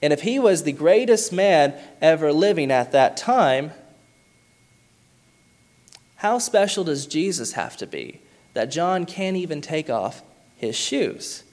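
Earnest preaching man, slightly high voice. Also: sing-song, a little mellow. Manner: earnest preaching with slow emphatic stresses on key words. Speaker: pastor. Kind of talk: sermon.

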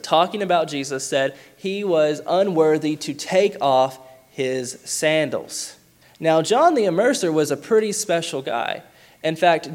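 A man preaching a sermon, earnest, slowing down to stress key words and reading scripture aloud. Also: on the high side, darkish tone. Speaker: pastor.

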